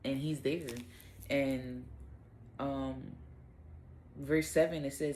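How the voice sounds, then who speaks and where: A woman's voice: extremely low pitch, fairly even intonation, very slow, pauses often, darkish tone, a little hiss or hum. A young adult woman hosts a casual devotional talk, conversational with fillers and self-corrections. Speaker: host of a Bible talk.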